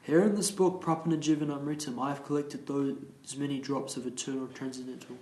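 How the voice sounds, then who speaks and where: A man leading a morning class, reading scripture aloud slowly and carefully and explaining it, restarting some verse words. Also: medium pitch, steady tone, a little mellow, a little hiss or hum. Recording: roomy echo.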